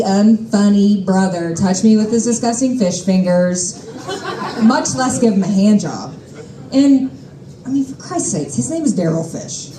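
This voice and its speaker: A woman's voice: medium pitch, lively intonation, normal speed, echoey room, a crowd in the background, poor audio. A young adult woman telling a personal story on stage, wry, exasperated and freely profane. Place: stage at a live storytelling show.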